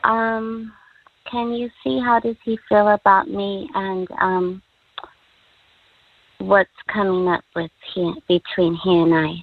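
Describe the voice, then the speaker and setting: A hesitant woman in her fifties calling into a radio show, pausing often with ums and likes. Her voice sits at a middle pitch. She comes through a tinny, dry phone line. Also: level tone, no room sound. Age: 50s. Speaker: caller.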